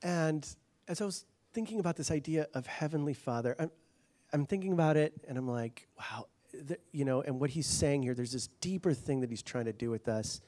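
Fairly high-voiced man preaching a sermon. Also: brisk, dark tone. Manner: casual, joking, building to fervent emphasis. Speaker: pastor.

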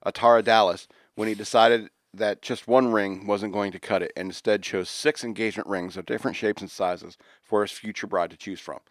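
A man with a fairly low voice reads quirky news stories aloud and breaks off into jokes and asides. The sound is dry and close, with no room around it. He talks like a podcast co-host in loose conversation. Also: fairly even intonation, fairly quick, hardly any pauses, no echo. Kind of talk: casual chat reading news stories.

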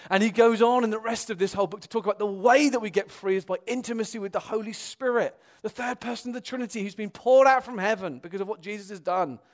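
In this sermon, a young man addresses his congregation with animated sincerity, alternating between loud exclamations and quiet, serious passages. His voice sits high.

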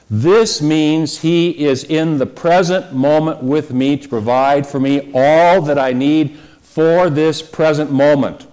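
A man's voice: mid-range voice, a little mellow. Male pastor, conversational sermon delivery, medium voice.

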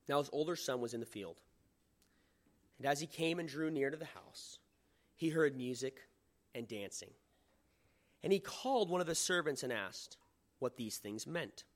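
A man's voice: mid-range voice, expressive, measured pace, pauses often, a bit bright. A man preaching a sermon, reading scripture aloud with dramatic emphasis and asking the listeners questions in a conversational way.

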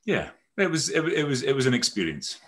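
A middle-aged man, a company head and podcast guest, recounting his school and university years in a thoughtful, halting way full of restarts. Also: medium pitch, big pitch swings, a bit bright. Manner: thoughtful, halting, many restarts and "you know"s. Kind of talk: reflective conversational storytelling.

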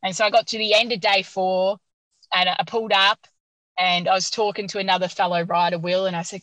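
Bright-voiced woman telling a lively story. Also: medium pitch, brisk, dry recording, low-quality recording. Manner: animated, laughs often while telling. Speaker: podcast guest. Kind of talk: casual storytelling interview.

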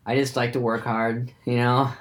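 A man's voice: medium pitch, little pitch movement, normal speed. A man with a mid-range voice talking casually. He is earnest and reflective and often restarts his sentences while he works out a thought about training. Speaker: martial arts practitioner. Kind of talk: casual chat.

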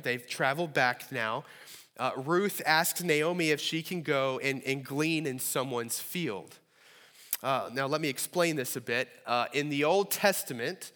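Man, pastor preaching in a church hall; earnest, pleading lift on prayers; highish voice with long reverb. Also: fairly bright tone. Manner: earnest, rises to pleading when voicing prayers. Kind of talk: sermon. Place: church sanctuary.

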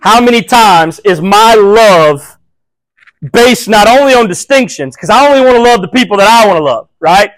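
High-pitched pastor guy preaching hard, gets loud then goes real quiet, dry close sound. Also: expressive, moderate pace, no room sound, poor audio. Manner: impassioned, swings from loud emphasis to hushed quoting. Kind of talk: sermon.

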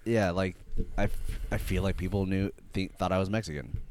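A man's voice: low voice, steady tone, fairly quick, darkish tone, a little hiss or hum. A man in his thirties from the Philippines, co-hosting a casual podcast chat in a chatty, hesitant way with lots of fillers. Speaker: podcast co-host.

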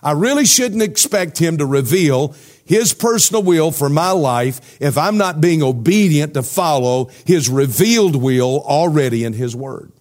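A man's voice: a little high, darkish tone. A male pastor preaching a sermon in a conversational way, putting questions to the congregation.

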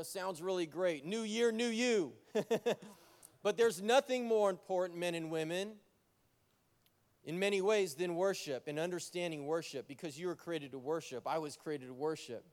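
A man preaching a sermon as pastor, joking and energetic, talking straight to his congregation. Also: sits high. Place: church sanctuary. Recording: long church hall reverb.

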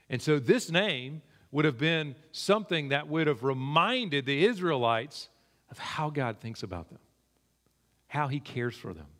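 A man preaching a sermon in a conversational way, his pitch climbing when he stresses a point. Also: fairly bright tone. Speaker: pastor. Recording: long hall reverb.

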